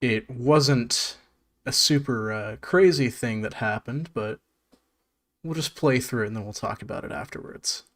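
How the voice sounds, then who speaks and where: A man hosting a live stream in relaxed, casual chat. His voice sits at a middle pitch and he speaks plainly. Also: unhurried. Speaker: host.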